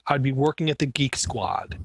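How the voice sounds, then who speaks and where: A man's voice: medium pitch, moderate pace, vocal fry, husky, no echo. A man who runs a computer repair business, chatting casually on a podcast and acting out his customers in his stories. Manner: animated storyteller, acts out customer dialogue.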